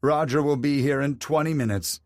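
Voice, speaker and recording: Man playing a calm federal marshal, matter-of-fact, dry-humored, dead-dry sound. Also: mid-range voice, normal speed, no echo, pitched above the performer's own voice, lightly acted.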